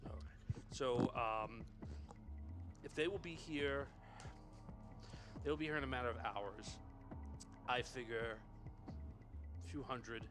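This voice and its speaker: A man's voice: mid-range voice, slow, long pauses. Man over background music. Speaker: player. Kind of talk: playing a tabletop game. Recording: music playing under the voice.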